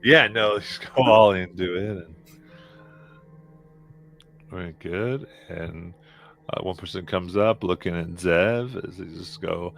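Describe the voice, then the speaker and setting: A man narrating a tabletop game as game master in a relaxed, halting way with fillers. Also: deep voice, creaky, soft background music.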